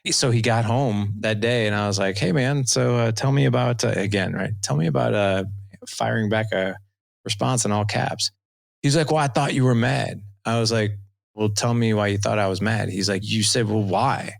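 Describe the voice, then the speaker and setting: Gravelly deep-voiced man telling stories. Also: normal speed, dry recording. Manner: animated storytelling, acts out dialogue. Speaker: podcast guest, dad coach. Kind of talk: casual interview talk.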